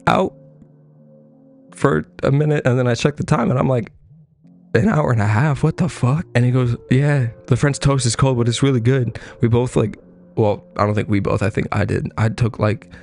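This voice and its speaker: A young man in his twenties telling a rambling, profane story in a casual monologue and jumping into squeaky voices when he quotes people. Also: darkish tone. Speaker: podcast host.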